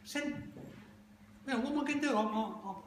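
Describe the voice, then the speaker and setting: A man's voice: extremely high pitch, fast talker. A man speaking bluntly and emphatically to a room of advertising students, swearing freely as he tells stories in an informal talk and Q&A. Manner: blunt, profane, emphatic storytelling. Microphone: phone recording from the audience. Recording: distant, echoey, noisy phone recording.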